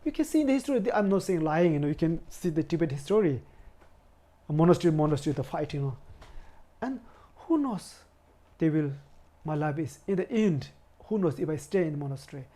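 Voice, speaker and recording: A man in his forties from India, a Buddhist lama, telling his life story in a halting way, searching for words and often saying "you know". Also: fairly high pitch, lively intonation, warm tone. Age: 40s. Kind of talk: personal storytelling interview.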